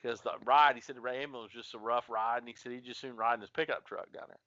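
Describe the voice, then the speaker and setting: Podcast co-host, male, rambling folksy yarn-teller; bright tone, dry muffled recording. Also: mid-range voice, steady tone, fast, no echo. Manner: rambling, folksy, retelling a dad's story with quoted dialogue. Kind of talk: casual storytelling chat. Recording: dull lo-fi podcast audio.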